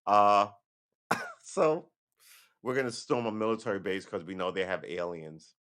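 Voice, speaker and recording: A man's voice: fairly low pitch, a little slow, fairly bright tone, clean tone. A man talking casually on a livestream, rambling and profane, with sarcastic asides. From United States. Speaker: livestream host.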